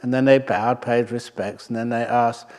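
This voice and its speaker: A male Buddhist monk leads a meditation retreat with a wry, storytelling talk, in a voice of ordinary middle pitch. He winds through anecdotes at an easy pace and drops in the occasional filler as he goes. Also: fairly even intonation, normal speed, a little mellow. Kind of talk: humorous storytelling dharma talk.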